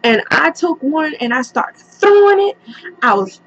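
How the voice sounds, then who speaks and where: A young woman telling a story in a casual, profane and animated way. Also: high voice, unhurried, highs cut off. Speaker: vlogger.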